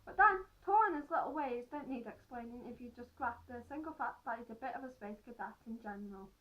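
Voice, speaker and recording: A woman's voice: a little high, animated, a little fast, hardly any pauses, muffled recording. A woman reading a children's novel aloud, often breaking off to add playful, joking comments. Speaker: reader.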